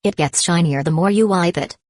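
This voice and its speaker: Lady doing a dry stubborn young barmaid, low voice, dead dry sound. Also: brisk, a little mellow, dry recording, close to an everyday voice. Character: composed young woman guild barmaid.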